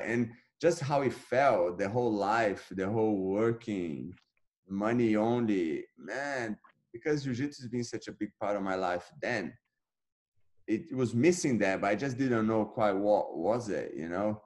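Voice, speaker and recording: A man in his thirties, a guest on an interview, telling his story casually and acting out past conversations with lively energy. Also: on the low side, a little slow. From Brazil. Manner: animated, acts out his own past dialogue. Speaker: interview guest, jiu-jitsu black belt.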